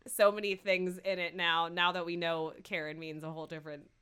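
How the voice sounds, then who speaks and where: A woman's voice: lowish voice, brisk, smooth. A woman co-hosting a podcast, chatting casually with lots of laughter and playful quoting of characters. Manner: giggly, animated, quotes characters in playful voices. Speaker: podcast co-host recapping a TV episode. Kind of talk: casual chat.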